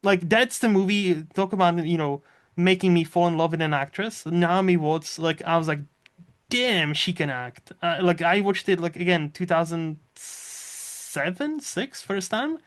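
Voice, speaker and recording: A man with a slightly higher voice hosts a laid-back movie podcast. He rambles through his thoughts, leans on fillers and swears freely. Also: normal speed. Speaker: podcast host. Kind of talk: casual movie chat.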